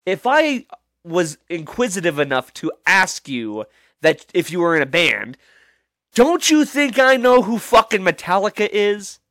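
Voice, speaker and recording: Man, podcast host, rambling and profane, higher voice, dry close sound. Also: fairly bright tone, no echo. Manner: rambling, profane, incredulous, many restarts. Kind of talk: casual storytelling monologue.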